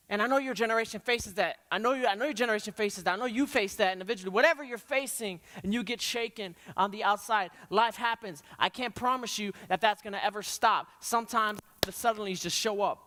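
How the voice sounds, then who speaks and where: A man preaching a youth sermon with passion, swinging between quiet, reflective stretches and loud, rising questions. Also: high voice, fast, hardly any pauses. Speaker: youth pastor. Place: church hall. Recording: long hall reverb.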